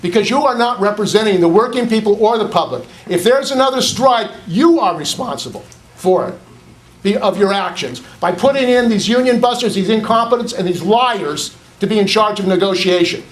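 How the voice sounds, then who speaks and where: A man's voice: sits high, animated, fairly quick. A man giving an indignant, accusatory public comment at a board meeting, repeating phrases for emphasis.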